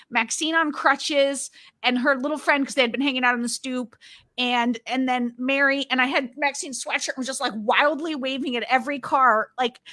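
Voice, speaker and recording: High-voiced excitable woman co-host. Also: no room sound, studio quality. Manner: excitable, animated storyteller. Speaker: podcast co-host. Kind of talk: casual chat.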